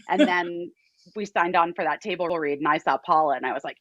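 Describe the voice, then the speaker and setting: A woman actress guest in a TV interview, excitable and emotional, close to tears. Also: fairly low pitch, brisk, no echo, highs cut off.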